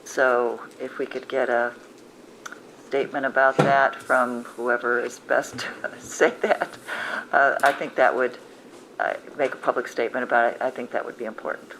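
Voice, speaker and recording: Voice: mid-range voice, fairly even intonation, normal speed, background noise. Polite council member making a request. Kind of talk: council meeting remarks.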